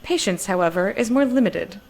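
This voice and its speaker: A woman reading as a deadpan sarcastic robot. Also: medium pitch, moderate pace, vocal fry. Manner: deadpan, formal. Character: dry, sarcastic servant robot.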